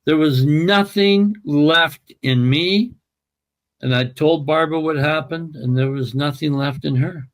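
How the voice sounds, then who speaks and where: A man as an interview guest, telling an emotional personal story in an earnest, emphatic way. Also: medium pitch. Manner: earnest, emphatic, slow and deliberate.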